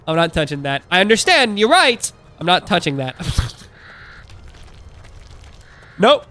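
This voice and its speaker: A man's voice: sits high, sing-song, moderate pace, bright, forceful tone. A man in his thirties chatting casually on a live stream, rambling through asides and laughing often.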